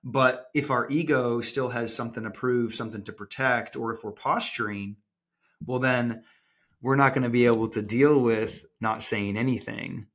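A man who works as a transformation coach, answering interview questions calmly in a measured way. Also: mid-range voice.

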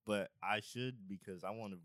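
A man's voice: lowish voice, moderate pace, fairly bright tone, no room sound, studio quality. A man co-hosting a podcast, chatting casually with playful trash talk and a laid-back speech style. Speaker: podcast co-host. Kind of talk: casual chat.

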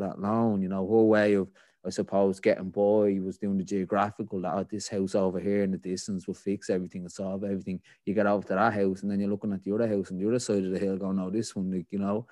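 Low-voiced Dublin man telling his story. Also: darkish tone, no room sound, studio quality. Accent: Dublin Irish. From Ireland. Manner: rambling, full of "like, you know" fillers. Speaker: podcast guest. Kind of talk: candid personal storytelling.

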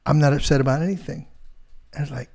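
A middle-aged man, a real estate agent, telling a story in casual chat, rambling and animated with lots of fillers. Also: a little high, fast, vocal fry.

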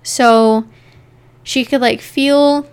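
Smooth-voiced woman telling a story casually. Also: high voice, fairly even intonation, extremely slow. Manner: chatty, leans on "like" while narrating. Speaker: podcast co-host telling the story. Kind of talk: casual true-crime storytelling.

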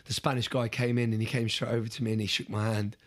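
As an interview guest, a man tells a story casually and with animation, repeating words and restarting his sentences. His voice sits on the low side and he talks fast.

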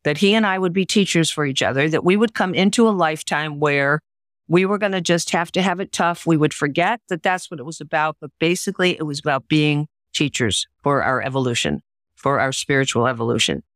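A woman's voice: sits low, a little fast, no room sound, clean studio sound. An older woman, a memoir author and writing teacher, telling personal stories in an interview with earnest, emphatic delivery. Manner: earnest, emphatic, acts out quoted voices. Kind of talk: interview storytelling.

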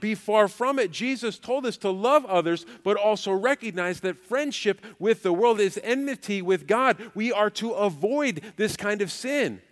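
High-voiced preaching man in a reverberant hall. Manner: emphatic preaching with repeated phrases. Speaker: pastor. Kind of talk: sermon.

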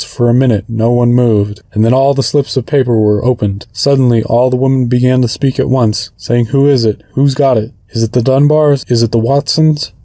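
Man reading a story in a flat, mellow voice. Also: mid-range voice, no room sound. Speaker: reader. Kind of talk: reading a short story aloud.

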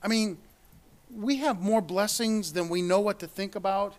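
A man with a high voice preaches earnestly, reading scripture aloud between his own remarks. He repeats words as he goes and climbs higher when he presses a point. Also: normal speed.

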